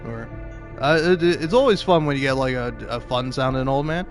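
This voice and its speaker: With faint music behind him, this man in his 20s talks fairly quickly at medium pitch. He streams games and chats casually as he plays, frequently stumbling over words, drifting off topic and laughing.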